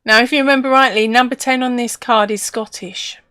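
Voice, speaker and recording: A woman's voice: on the high side, steady tone, a little fast, pushed and bright, smooth, dry recording, clean studio sound. A woman hosting a casual live stream, chatty and laughing often as she reads out viewer comments.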